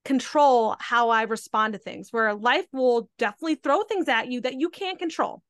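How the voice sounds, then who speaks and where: A woman's voice: on the high side, normal speed, fairly bright tone, dry recording, clean studio sound. A young adult woman hosting a podcast, chatting casually with lots of "like" and "right?". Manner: chatty, filler-heavy, frequent "like" and "right?". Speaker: podcast host. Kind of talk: casual chat.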